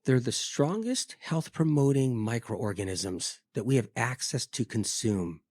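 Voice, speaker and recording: A man's voice: medium pitch, a little mellow, husky, no echo, studio quality. A man delivering a scripted health monologue, telling it vividly with emphatic repetition. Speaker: health speaker.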